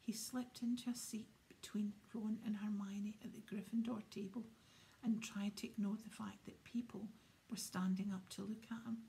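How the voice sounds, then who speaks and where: A woman reading an audiobook aloud in a soft, hushed way. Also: medium pitch, level tone, moderate pace, gravelly. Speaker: audiobook reader. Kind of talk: audiobook narration.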